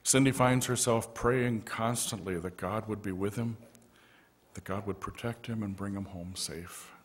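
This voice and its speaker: A man preaching a storytelling sermon as pastor in a church, gently narrating with quiet asides. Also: on the low side, measured pace. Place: church sanctuary.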